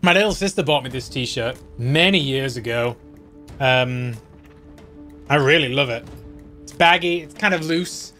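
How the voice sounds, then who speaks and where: A man's voice: medium pitch, a little slow, long pauses, bright, forceful tone, soft background music. A man giving casual gameplay commentary, chatty and self-mocking, talking straight to his viewers. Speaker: let's play host.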